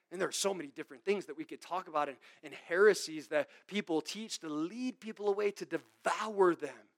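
High-voiced, animated man preaching. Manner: animated, mocking mimicry of greedy preachers; swings from loud emphatic to quiet. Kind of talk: sermon.

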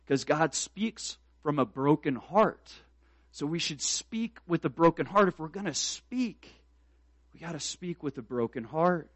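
A man's voice: a little high, fairly bright tone, no room sound. A man preaching a sermon as pastor, speaking earnestly and building to emphatic, repeated exhortations.

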